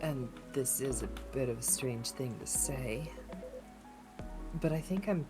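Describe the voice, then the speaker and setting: Woman reading a low, earnest alien. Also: expressive, a little slow, loud music behind the voice. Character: calm sincere alien in hiding. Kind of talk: reading game dialogue aloud.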